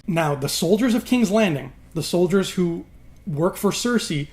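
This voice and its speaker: Man, slightly high voice, casual plot retelling, animated, swears freely, video host. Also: moderate pace. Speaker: YouTube host.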